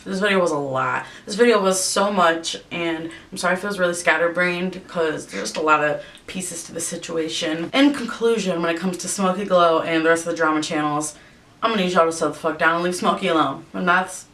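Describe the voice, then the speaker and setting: A young woman vents in a profane, exasperated rant while she does her makeup for a vlog. Her voice is low and gravelly. She sits a little back from the camera mic, with a faint rumble underneath. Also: brisk, fairly bright tone, far from the mic. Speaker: vlogger.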